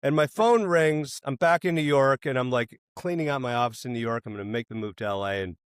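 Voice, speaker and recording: A man in his fifties, a guest in an interview, telling anecdotes in a casual, animated and profane way. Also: mid-range voice, brisk, clear, resonant tone, no echo, studio quality. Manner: animated, profane, acts out other people's quotes.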